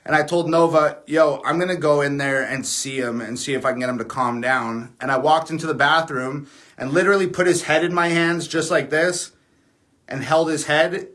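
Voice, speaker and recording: Casual rambling man, slightly high voice. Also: moderate pace, a bit bright. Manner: rambling and candid, frequent fillers and profanity. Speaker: livestream host. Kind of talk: casual livestream chat.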